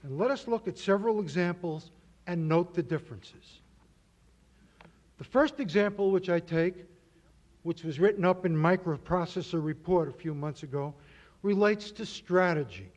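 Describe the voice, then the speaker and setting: A man giving a measured, formal lecture with slides, with a dry humor. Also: high-pitched, darkish tone. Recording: dull lo-fi audio.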